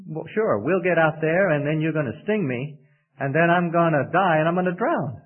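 A man voicing a sleepy, wary male crocodile in a spoken fable, with a slow, skeptical way of talking, heard over a tinny radio broadcast. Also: on the high side, expressive.

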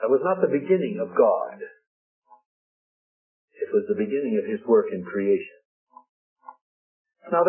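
A man preaching a sermon, slowing down and leaning hard on key words. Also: mid-range voice. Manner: emphatic, slows and stresses key words. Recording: tinny lo-fi broadcast audio.

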